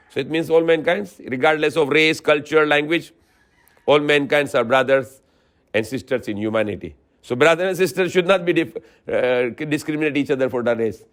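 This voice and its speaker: A male Islamic preacher giving a religious lecture in non-native English, often restarting phrases, asking the audience rhetorical questions and quoting Arabic scripture. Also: a little high.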